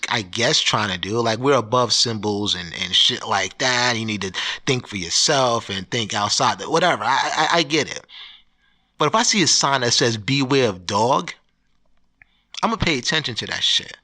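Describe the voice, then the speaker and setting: A man's voice: medium pitch, expressive, normal speed, pushed and bright. A man hosting his own podcast, ranting in a loose, profane, rambling way with many restarts. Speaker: podcast host. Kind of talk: solo podcast rant.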